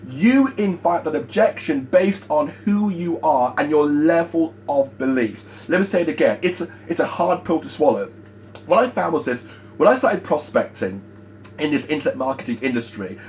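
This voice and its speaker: A man giving a motivational sales training talk, emphatic and energetic, repeating his key points. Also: on the high side, slight background noise.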